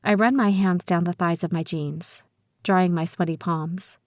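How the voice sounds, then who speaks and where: A woman's voice: on the low side, steady tone, unhurried, no room sound, clean studio sound. Woman narrating an audiobook in first person.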